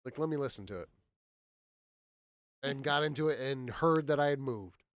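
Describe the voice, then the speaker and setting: A man's voice: medium pitch, normal speed, no room sound, studio quality. A man hosting a casual live show. He rambles, laughs and repeats himself. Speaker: podcast host. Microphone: studio mic.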